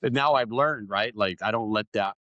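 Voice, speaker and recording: A man's voice: fairly low pitch, normal speed, no room sound, highs cut off. A middle-aged man hosting an interview podcast, telling stories animatedly, acting out the voices he quotes, and often asking "right?". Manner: animated storyteller, acts out quoted voices, keeps adding "right?". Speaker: podcast host. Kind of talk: conversational interview.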